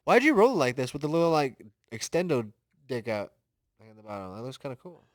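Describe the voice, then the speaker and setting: A man's voice: medium pitch, very animated, quick pace, no echo, studio quality. A young man co-hosting a casual podcast, playful and teasing. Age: young adult. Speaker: podcast co-host. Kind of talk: casual chat.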